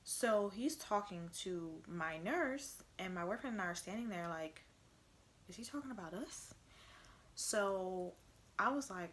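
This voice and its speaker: A woman's voice: medium pitch, expressive, unhurried, fairly bright tone, a little hiss or hum. Chatty young woman telling her story. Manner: chatty, heavy use of "like", acts out quotes. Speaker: vlogger. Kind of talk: casual storytelling vlog.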